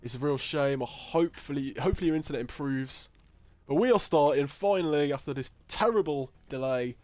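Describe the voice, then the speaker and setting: A man's voice: on the high side, fairly quick, darkish tone, no echo, faint music behind. Chatty man streaming a race. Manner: chatty, laughs often, swears, reads chat aloud. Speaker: league stream host and commentator. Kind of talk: casual live-stream commentary.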